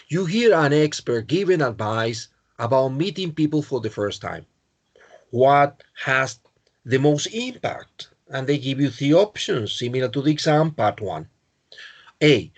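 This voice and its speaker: Spanish-accented male teacher, English lesson online, unhurried, halting and self-correcting. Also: medium pitch. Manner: halting, repeats and corrects himself, apologetic. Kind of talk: online exam-prep lesson.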